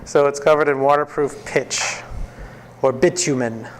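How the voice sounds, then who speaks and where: A man with a slightly higher voice teaches a Bible class, telling the story with lively energy and acting out what the figures say. He laughs often as he goes, and a faint hiss sits under the recording. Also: measured pace.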